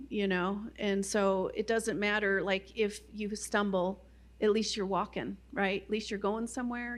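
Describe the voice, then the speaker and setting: Middle-aged woman telling her testimony. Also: mid-range voice. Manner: conversational storyteller, many "you know" fillers. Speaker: guest speaker at a Christian ministry. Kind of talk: personal testimony talk.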